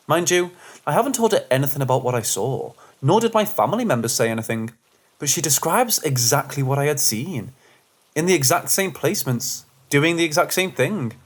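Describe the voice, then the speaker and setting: A man narrating first-person paranormal stories aloud, in an animated storytelling manner. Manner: animated storytelling with lively pitch.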